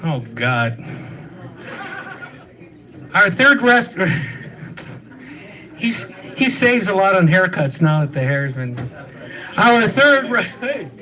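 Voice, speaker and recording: High, bright-voiced roast emcee. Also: male voice, big pitch swings, slow pace, long pauses. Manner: joking, laughs at own lines, loose and chatty. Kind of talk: live event hosting.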